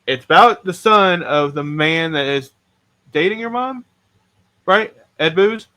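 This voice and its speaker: A man's voice: fairly high pitch, lively intonation, measured pace, sharp tone. A man hosting a podcast, telling stories in a casual, rambling, self-mocking way and swearing freely. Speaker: podcast host.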